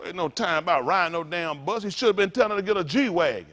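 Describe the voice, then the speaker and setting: This high-voiced man talks fast, with a fairly bright tone. He's a pastor preaching a fiery street-talk sermon, hitting his congregation with blunt, profane rhetorical questions and some joking asides.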